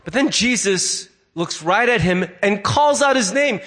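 A man's voice: high voice, lively intonation, a little slow, a bit bright. A male pastor giving a sermon, telling a story and briefly voicing the people in it. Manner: storytelling, acts out voices in quotes.

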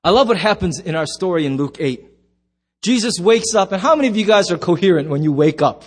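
A man pastor preaching a sermon in church, telling stories with animated voices and sudden shouts. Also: high-pitched, fairly quick, slightly rough.

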